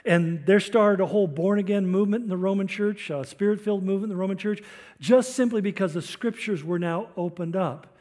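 A man's voice: sits high, a little fast, a little mellow. An older man preaching a sermon, explaining scripture in a teaching tone with storytelling asides. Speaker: pastor.

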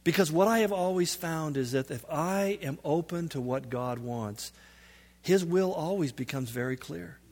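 A man's voice: on the high side, moderate pace, a little mellow. A man giving a sermon as a pastor, telling stories in a conversational way and building up to emphatic peaks. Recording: long hall reverb.

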